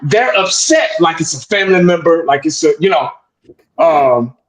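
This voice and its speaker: A man's voice: fairly high pitch, moderate pace, echoey room, poor audio. A man ranting bluntly in heated casual sports talk over a video call, repeating himself and tagging lines with "man". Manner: blunt, repetitive, animated ranting with frequent "man".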